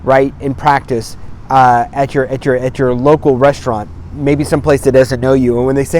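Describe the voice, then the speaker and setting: A man's voice: medium pitch, fairly quick, darkish tone, a little hiss or hum. Blunt, swearing male sobriety coach. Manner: blunt, emphatic, swears for emphasis. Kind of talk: direct-to-camera motivational talk. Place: outdoors on a cloudy day.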